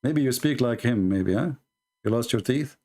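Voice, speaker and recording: A man's voice: mid-range voice, lively intonation, moderate pace, darkish tone. A man hosting his channel, ranting at viewers in a combative, sarcastic and insulting way. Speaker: channel host. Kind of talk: angry rant to viewers.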